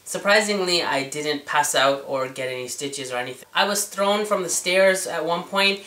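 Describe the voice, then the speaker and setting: A man's voice: fairly high pitch, sharp tone, distant mic. A man in his forties with a girly, whiny voice, vlogging a self-deprecating, chatty story. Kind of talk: storytelling vlog. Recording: echoey room, away from the mic.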